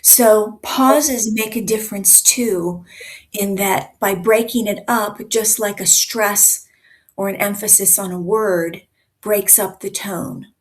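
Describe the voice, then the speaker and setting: A woman in her sixties hosting and coaching, teaching in a conversational way with deliberate pauses. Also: mid-range voice, fairly even intonation. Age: 60s. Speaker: host and speaking coach.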